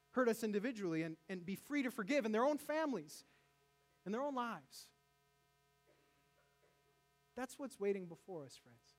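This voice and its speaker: A man preaching a sermon as pastor, animated, with jokes and asides to the congregation in a church. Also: sits high.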